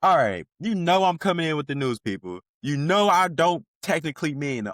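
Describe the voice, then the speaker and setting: A man's voice: fairly high pitch, expressive, brisk, a bit bright, no echo, studio quality. A man hosting a podcast, riffing in casual slang-heavy commentary and laughing often. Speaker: podcast host.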